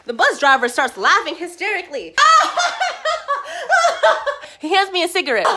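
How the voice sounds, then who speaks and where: Animated woman vlogger with a very high, swinging voice, acts out the people in her story. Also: fast, very noisy. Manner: animated, laughing often, acts out quoted lines. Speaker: travel vlogger. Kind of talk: casual storytelling.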